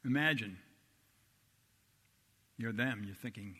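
A man preaching a sermon as a pastor, telling the story with animated voices for the disciples. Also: medium pitch, normal speed, husky. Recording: long reverb of a large hall.

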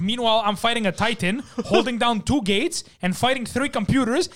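A man, a guest on a podcast, telling animated profane stories and laughing with the host. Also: very high-pitched, brisk, few pauses. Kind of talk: casual podcast chat.

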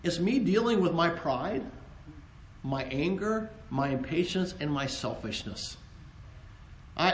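A man's voice: high-pitched, reverberant, slight background noise. A man co-hosting a Christian talk on marriage, earnest and joking, often restarting his sentences. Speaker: co-host, married couple ministry.

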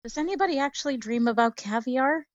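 A woman's voice: high voice, lively intonation, fast talker, dry recording, muffled recording. A woman co-hosting a podcast in casual chat, giggling as she talks. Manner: giggly and chatty. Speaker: podcast co-host.

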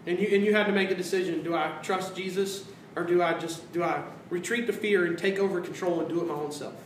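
Animated high-voiced preacher in a roomy hall. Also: male voice, fast talker, slight background noise. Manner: animated preaching, acts out quoted voices, drops to hushed tones. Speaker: pastor. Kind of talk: sermon. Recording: roomy sound from a distance.

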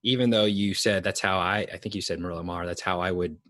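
A man co-hosting a podcast, talking things over in a thoughtful, unhurried way with fillers. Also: low voice, steady tone, fairly bright tone, no room sound. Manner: thoughtful, drawn-out phrasing with fillers. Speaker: podcast co-host. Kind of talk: reflective conversational podcast talk.

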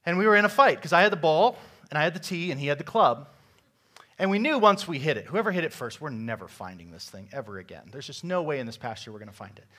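A young man preaches to his congregation, pitched somewhat high for a man. He tells stories with energy and often pushes his voice up for emphasis. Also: fast. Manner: lively storytelling with sudden loud emphasis. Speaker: pastor. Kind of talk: sermon.

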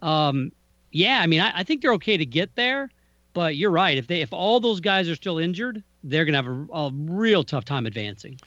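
A man co-hosting a casual sports podcast, teasing his partner, animated, often repeating words. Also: on the high side, normal speed, no echo. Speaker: podcast co-host. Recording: dry, dull lo-fi sound.

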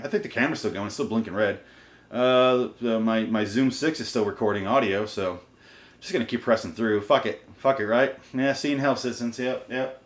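A man's voice: medium pitch, fairly quick, echoey room. A man ranting to his camera in a solo vlog, profane and exasperated. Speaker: vlogger. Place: room recorded on camera and portable recorder.

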